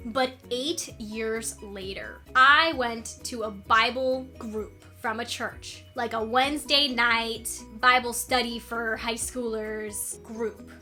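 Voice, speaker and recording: A woman in her twenties telling a confessional story in a vlog, animated and dramatic, laughing often. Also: fairly high pitch, takes it slowly, hardly any pauses, faint music behind. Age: 20s. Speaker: vlogger.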